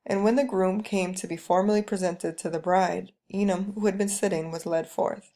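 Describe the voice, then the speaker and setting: A woman reading a story aloud, narrating calmly and steadily in the first person. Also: medium pitch, normal speed. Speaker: reader.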